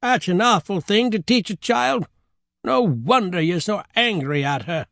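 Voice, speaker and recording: A man doing a shrill, clucking old grandmother. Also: animated, measured pace, creaky, fairly bright tone, no room sound, studio quality, exaggerated voice. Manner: clucking, exclaiming. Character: fussy old grandmother, easily shocked.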